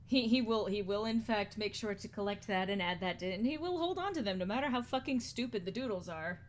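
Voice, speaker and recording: Lively laughing woman streamer. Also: mid-range voice, brisk, a little hiss or hum. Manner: laughs often, swears, playful. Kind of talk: casual chat on an art stream.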